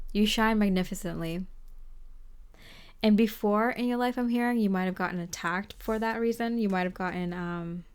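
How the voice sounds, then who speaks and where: A woman giving a tarot reading to the viewer, gentle and reassuring, rambling with lots of fillers. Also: medium pitch, smooth. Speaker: tarot reader. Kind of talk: casual spoken tarot reading.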